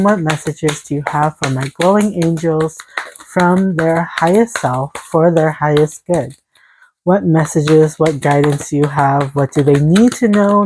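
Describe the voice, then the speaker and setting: A woman's voice: low-pitched, noisy background. A woman giving a casual tarot reading into her phone, soothing and encouraging, a little out of breath. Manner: soothing, encouraging, talks to viewers as "glowing angels". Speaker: tarot reader. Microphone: phone camera.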